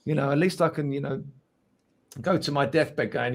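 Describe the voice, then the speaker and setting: A man's voice: fairly high pitch, moderate pace, vocal fry. A man speaking as a musician guest in a casual interview, earnest, often repeating words as he searches for what to say.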